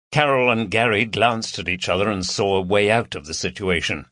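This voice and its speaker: A man narrating a crime audiobook in a lively, dramatic storytelling manner. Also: lowish voice, normal speed, few pauses, no room sound, clean studio sound. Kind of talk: scripted narration.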